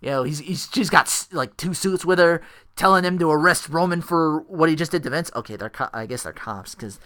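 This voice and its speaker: A man's voice: on the high side, brisk, pushed and bright, no echo. A man hosting a casual wrestling recap podcast into a home microphone, rambling and profane, laughing often. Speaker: podcast host.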